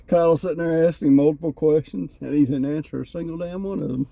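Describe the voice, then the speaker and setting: A man talks casually through a wrestling review. His voice is very dark and mellow, and he retells scenes with lively, animated quotes. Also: on the high side, fast, gravelly, dry recording. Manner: animated storyteller, acts out quotes. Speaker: podcast co-host reviewing wrestling. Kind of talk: casual chat.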